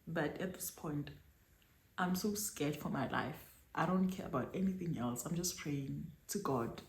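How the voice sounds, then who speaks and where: Young South African woman, storytime vlog, dramatic retelling, low voice, echoey room. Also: a little slow, gravelly. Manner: animated, dramatic retelling with code-switching. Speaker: YouTuber. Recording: echoey room with faint noise.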